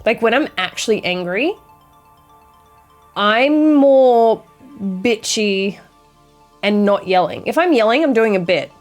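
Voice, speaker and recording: A woman's voice: mid-range voice, animated, brisk, few pauses, soft background music. A young woman streamer chatting casually with her viewers and reading chat aloud, with a dry, sarcastic sense of humor and sassy banter.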